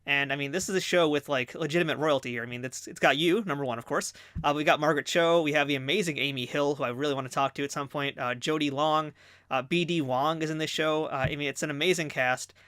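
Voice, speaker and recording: A man's voice: fairly high pitch, fairly even intonation, quick pace, a bit bright, clear, resonant tone, no room sound, clean studio sound. A man hosting a podcast interview, asking eager, fan-like questions.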